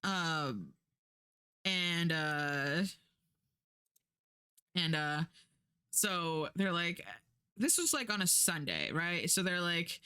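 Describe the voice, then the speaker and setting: A woman's voice: lowish voice, lively intonation, very slow, pauses often, bright, forceful tone, clear, resonant tone. A young woman from the United States casually chatting as a streamer, retelling a story in a rambling way with lots of fillers and self-corrections, putting on voices for the people she quotes.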